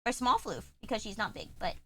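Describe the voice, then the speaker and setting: A young woman streamer chatting casually at her desk, swearing freely and breaking into loud joking rants. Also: fairly high pitch, big pitch swings, brisk. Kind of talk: casual live-stream chat.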